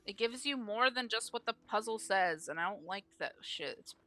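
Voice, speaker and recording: A woman's voice: medium pitch, animated, moderate pace, sharp tone, faint music behind. A woman streamer giving casual live commentary on a game, grumbling aloud and swearing freely.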